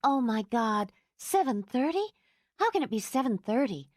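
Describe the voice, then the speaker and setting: A woman's voice: a little high, big pitch swings, moderate pace, no echo, clean studio sound, voice pushed up. A woman reading an audiobook, voicing a tired, kind young mother who speaks reasonably. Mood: weary.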